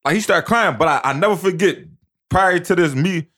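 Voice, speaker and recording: A man's voice: sits high, fairly bright tone. A young man telling a personal story in casual slang, repeating himself and restarting often. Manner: repetitive, halting slangy storytelling.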